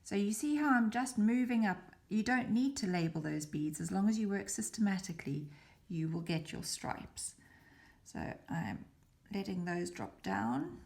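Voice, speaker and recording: A beading tutor with a medium-pitched, sing-song, darkish voice talks at normal speed while demonstrating her craft step by step. Her manner is patient and methodical, and she whispers at times while focusing.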